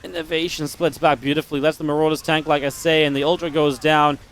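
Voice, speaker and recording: A man's voice: fairly high pitch, little pitch movement, a bit bright. Upbeat man casting a live esports match. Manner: chatty, upbeat, quick reactions. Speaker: esports caster. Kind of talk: live play-by-play commentary.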